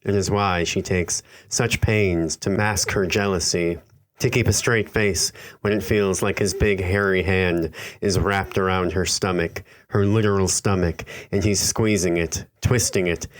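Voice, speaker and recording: Guy with a really low voice reading a dark story, slow and measured. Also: steady tone. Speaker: narrator. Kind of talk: scripted story narration.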